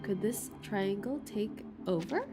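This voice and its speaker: A woman's voice: mid-range voice, animated, takes it slowly. A woman streamer giving playful, slangy commentary while playing a game. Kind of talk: casual game playthrough commentary. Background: game music.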